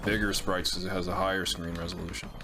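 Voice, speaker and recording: A man streaming a retro game, chatting casually with viewers, swearing freely and reacting out loud. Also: deep voice, level tone, fast talker. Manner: loose, profane, reads chat aloud. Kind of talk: casual live-stream chat.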